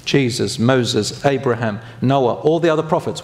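An Islamic preacher with a medium-pitched, slightly mellow voice speaks at normal speed, hardly pausing. His religious lecture to the congregation is conversational, full of questions for the audience and self-corrections. A long hall reverb colors the recording.

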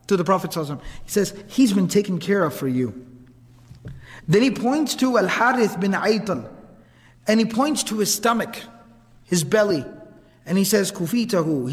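A man preaching a story in a lively, dramatic manner, often acting out the people in it. His voice sits high and bright. A long hall reverb trails after his words. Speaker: preacher narrating seerah. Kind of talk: storytelling sermon.

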